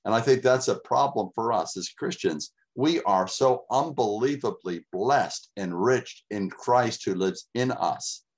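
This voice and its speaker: A man's voice: on the low side, measured pace, few pauses. A middle-aged man preaching a sermon, reading scripture aloud and repeating key words with rising emphasis.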